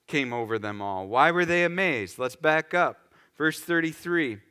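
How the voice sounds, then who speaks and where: A man preaching a sermon in a lively, conversational way, acting out scenes for the congregation. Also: fairly high pitch, a little slow, smooth. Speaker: pastor.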